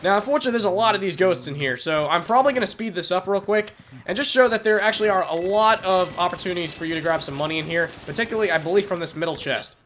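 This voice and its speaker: A young man with a congested, stuffy voice from a cold, giving excitable, jokey gameplay commentary and cursing at enemies. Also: sits high, rapid-fire, slight background noise. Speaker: let's play commentator.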